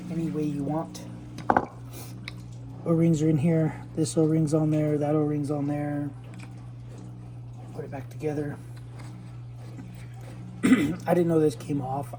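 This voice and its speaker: A man talks through a valve repair in a loose, rambling way, as if thinking aloud while his hands are busy. His throat sounds a little choked up. There is clear background noise behind him. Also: a little high. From Los Angeles County. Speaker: DIY repair vlogger. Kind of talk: casual hands-on how-to narration.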